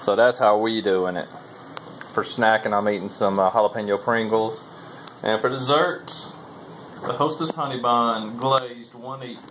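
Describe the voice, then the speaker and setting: A man's voice: on the low side, slight background noise, low-quality recording. A man talking casually to his camera while camped outdoors on a long hike, easygoing and chatty, saying "y'all" a lot. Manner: laid-back Southern-style talk with "y'all". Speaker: thru-hiker vlogger. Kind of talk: casual vlog chat. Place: outdoors at a forest trail shelter.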